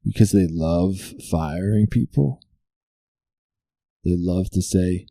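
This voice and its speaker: Man, comedy host, sarcastic monologue, rhetorical questions, deep voice, slow delivery. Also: vocal fry, dark tone, no room sound, clean studio sound. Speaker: comedy talk show host. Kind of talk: stand-up style topical monologue.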